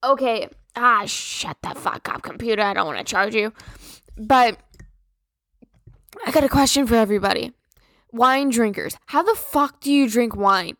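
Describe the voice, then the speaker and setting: A woman's voice: a little high, moderate pace, long pauses, fairly bright tone, no echo, clean studio sound. A young woman from Minnesota hosting a podcast, telling a story in a blunt, profane, casual rant. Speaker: podcast host.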